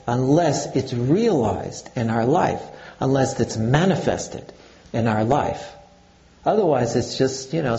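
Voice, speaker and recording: Slow, mellow older man giving a dharma talk. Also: mid-range voice, gravelly, lo-fi sound. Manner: slow, halting, with many fillers. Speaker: Zen teacher.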